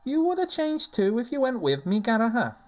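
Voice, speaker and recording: A bratty elf girl from a role-playing game, as a man puts her on, snapping back in a cartoonish Scouse accent. The voice is pushed way up into a high falsetto and bounces all over the place. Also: huge pitch swings, a little fast, darkish tone, soft background music, exaggerated voice. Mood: dismissive. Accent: put-on Scouse. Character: spirited young female winged elf, bratty.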